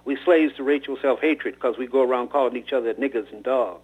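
Subdued young man, quiet and reluctant, husky tone, read by a man. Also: mid-range voice, fairly quick, close to an everyday voice. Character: subdued young man reading aloud under threat. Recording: tinny phone-like radio line.

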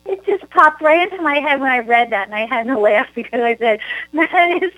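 A woman host with a New Jersey accent chats in a lively, animated way. Her voice sits a little high for a woman. The sound is dry and close. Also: a little fast, no room sound, phone-quality sound. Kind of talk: casual chat.

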